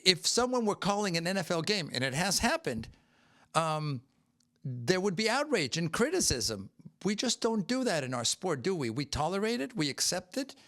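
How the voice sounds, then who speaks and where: A man hosting a soccer podcast panel, firing questions at his co-hosts and pushing back on their answers. His voice is noticeably high for a man. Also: fairly bright tone. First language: Spanish. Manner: probing, pushy questioning. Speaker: podcast host. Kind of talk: casual panel chat.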